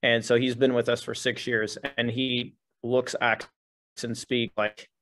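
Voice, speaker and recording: Regular-voiced guy talking about his martial arts students, easygoing, quick to laugh. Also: mid-range voice, little pitch movement, fairly bright tone, slight background noise. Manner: easygoing, laughs readily, chimes in. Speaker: martial arts instructor, guest. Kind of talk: casual podcast conversation.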